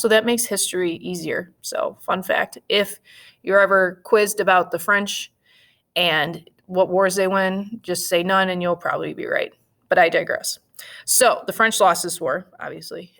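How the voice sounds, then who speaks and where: A woman teaching a history lesson in a casual, lively way, with jokes and acted-out asides. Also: on the low side, gravelly. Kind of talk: casual classroom lecture.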